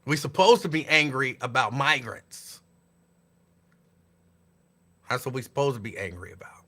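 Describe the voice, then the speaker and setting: A man's voice: mid-range voice, expressive, a little fast, sharp tone. A man hosting a show, talking in casual commentary with a sarcastic, repetitive, preachy delivery. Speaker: host.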